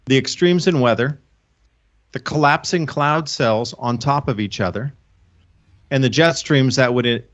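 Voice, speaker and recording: A man's voice: mid-range voice, lo-fi sound. A man giving a long, earnest, rambling explanation as a guest on a casual talk show, often restarting his sentences. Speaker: guest, online channel host. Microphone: own microphone.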